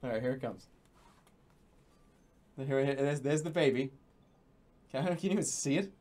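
A man's voice: medium pitch, moderate pace, a little mellow. A man streaming a game in casual commentary, swearing and breaking into exasperated, jokey outbursts. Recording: game music behind the voice.

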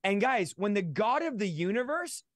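Man, interview guest, high voice, dry close recording, emphatic, repeats phrases, earnest storytelling. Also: very animated, normal speed, dry recording. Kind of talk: telling a personal conversion story in an interview.

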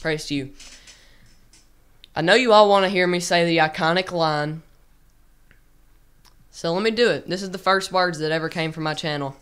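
A woman chatting casually with viewers on a drumming livestream, excitable, with sudden loud shouts and rambling restarts. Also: fairly low pitch, normal speed, long pauses.

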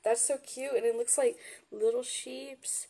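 High-voiced gushing woman unboxing gifts. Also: a little slow. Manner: gushing, excitable, gasps and giggles. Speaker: vlogger opening gifts. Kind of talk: unboxing vlog.

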